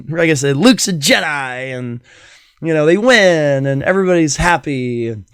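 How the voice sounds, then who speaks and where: A middle-aged man hosting his podcast alone, rambling eagerly with plenty of ums and you-knows. His voice sits a bit high and sounds smooth and clear. The recording is dry and close, with no room sound. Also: lively intonation, a little slow, fairly bright tone, no echo. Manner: rambling, enthusiastic, hums tunes with many fillers. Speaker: podcast host. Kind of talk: casual solo podcast talk.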